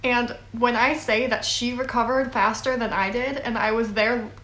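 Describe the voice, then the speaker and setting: A woman's voice: a little high, fairly even intonation, normal speed, fairly bright tone. A young woman in her twenties telling a long story casually, rambling with fillers and little laughs. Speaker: vlogger. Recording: echoey room.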